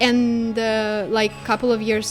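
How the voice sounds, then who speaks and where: Young woman, Ukrainian accent, podcast guest, slightly high voice, chatty and animated. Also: measured pace, soft background music. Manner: chatty, animated, searching for words. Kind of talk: casual conversation.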